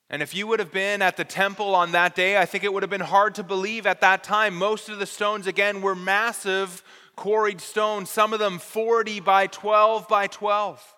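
A man preaches with a high, bright voice and teaches earnestly, stressing key words. His tone is smooth and clear. A long reverb trails each phrase, as in a large hall. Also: flat delivery, normal speed. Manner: earnest, explanatory teaching with careful emphasis. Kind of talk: expository sermon.

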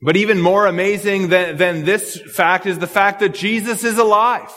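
A man's voice: high-pitched, steady tone, moderate pace, a bit bright, big-room sound. A man preaching an expository sermon, earnest and thinking aloud, repeating words as he works through a passage. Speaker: pastor.

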